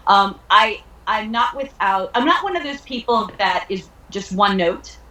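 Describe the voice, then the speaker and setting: A woman's voice: medium pitch, animated, measured pace, bright, forceful tone, echoey room, low-quality recording. A woman from Long Island, an actress guest chatting playfully in an interview and laughing often. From Long Island, New York. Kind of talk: casual interview chat.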